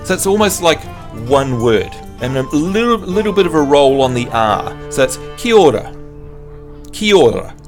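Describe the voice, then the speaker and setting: A man's voice: a little high, lively intonation, moderate pace, hardly any pauses, soft background music. A man from New Zealand livestreaming a game, chatting in a jokey, self-mocking way with his viewers. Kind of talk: casual chat with viewers.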